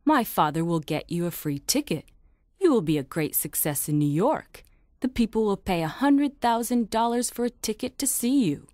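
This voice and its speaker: A woman's voice: medium pitch, expressive, normal speed, a little mellow, dry recording, studio quality, lightly acted. A woman playing a frank, spirited young girl. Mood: scolding. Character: spirited young American girl, blunt and kind. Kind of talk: scripted audiobook drama.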